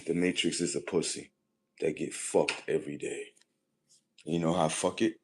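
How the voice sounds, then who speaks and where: A man hosting a livestream, rambling in a casual monologue that repeats itself, swears freely and swings from low muttering to loud emphasis. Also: fairly even intonation, moderate pace, husky. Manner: rambling, repetitive and profane, drifting between muttering and loud emphasis. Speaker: livestream host.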